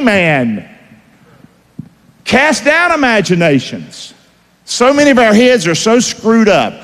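A man's voice: high voice, wildly swooping pitch, slow pace, long pauses, a bit bright. A man preaching a sermon, emphatic, with call-and-response questions to the congregation. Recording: long hall reverb.

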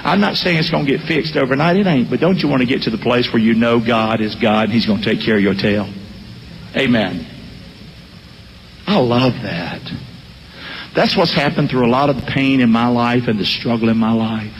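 A man's voice: medium pitch, moderate pace, a little hiss or hum. A man, preaching a sermon and calling for responses from the congregation. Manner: animated, calls for responses from the congregation. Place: church sanctuary. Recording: long reverb of a large hall.

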